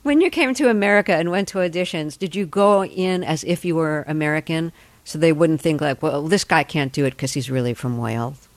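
An interviewer asking measured questions and reading a clear setup for a scene. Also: mid-range voice, no echo. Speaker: interviewer host.

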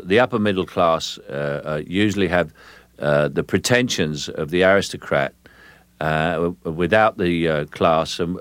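An older man from London, an actor as an interview guest, speaking in a measured, deliberate way and pausing to restart sentences. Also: dry recording. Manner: measured, deliberate, with frequent restarts and low chuckles. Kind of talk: relaxed, anecdotal interview talk.

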